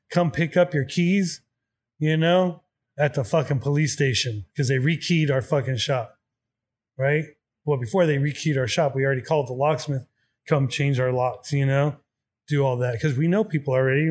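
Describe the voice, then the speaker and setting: A man telling a story in casual chat, swearing freely and acting out both sides of the dialogue. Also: fairly high pitch. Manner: profane, animated, acts out dialogue.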